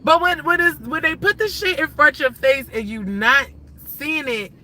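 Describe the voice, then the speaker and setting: A woman hosting a casual livestream, ranting in an animated, profane and rambling way. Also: high voice, moderate pace, rough recording. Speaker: livestream host.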